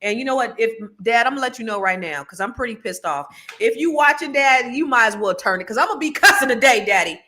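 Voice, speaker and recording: A woman's voice: a little high, lively intonation, fast, hardly any pauses, sharp tone. A woman, hosting a casual livestream and chatting animatedly with her viewers. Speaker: livestream co-host.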